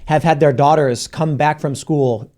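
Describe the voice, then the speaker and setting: Blunt, animated male podcast host. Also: fairly high pitch, a little slow. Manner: blunt, swearing, animated retellings with quoted voices. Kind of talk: casual talk-show conversation.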